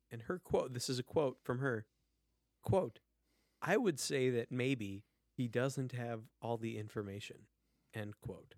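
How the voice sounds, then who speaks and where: A man co-hosting a casual podcast, venting with exasperation and lots of swearing. His pitch sits in the middle, and the dry, close sound has no room echo. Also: a little slow, a little mellow. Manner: exasperated ranting with heavy swearing. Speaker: podcast co-host. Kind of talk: casual chat.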